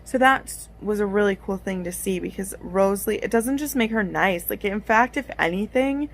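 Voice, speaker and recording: A woman's voice: medium pitch, moderate pace. A young woman vlogging about a book she is reading, chatty and gushing, with many fillers. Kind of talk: casual reading vlog.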